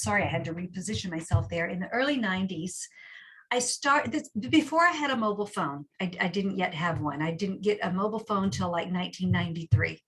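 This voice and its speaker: Woman guest, chatty storyteller, mid-pitched, frequent restarts and asides. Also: a bit bright. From Texas. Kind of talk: storytelling interview.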